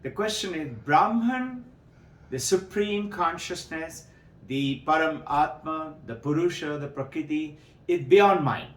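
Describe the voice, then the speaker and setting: A man giving a spiritual talk to devotees, telling a parable with lively acted-out voices. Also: fairly high pitch, unhurried, roomy sound, poor audio. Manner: animated storytelling, acts out voices in parables. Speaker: spiritual teacher.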